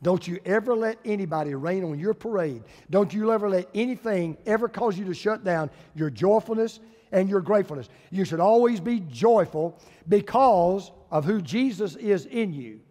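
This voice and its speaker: A male pastor, preaching a sermon with folksy humor and lively storytelling. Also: sits high, moderate pace, big-room sound.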